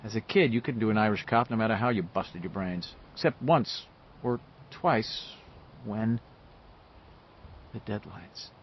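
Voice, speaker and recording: A man reading a novel aloud with expressive, varied delivery, in a dull lo-fi audiobook recording. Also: lowish voice, measured pace, long pauses, a little hiss or hum. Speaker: audiobook narrator. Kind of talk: scripted novel narration.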